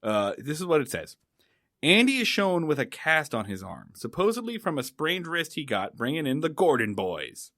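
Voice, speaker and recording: A man co-hosting a comedy podcast, recapping in casual, joking chat. His voice is bright and forceful, slightly raised in pitch, and moves lively up and down. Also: moderate pace. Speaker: podcast co-host.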